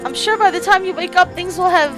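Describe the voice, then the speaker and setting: A caring young woman fusses over her friend in soothing tones, as a woman reads her part in a visual novel. The voice is high, and game music plays clearly behind. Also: brisk.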